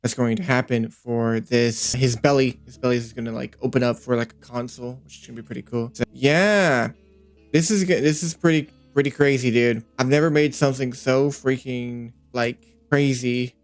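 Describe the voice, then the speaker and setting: A man's voice: mid-range voice, normal speed, soft background music. A man casually narrating his 3D work session, thinking aloud in a rambling, playful way with lots of fillers. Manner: easily excited, playful. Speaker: 3D animator and creator.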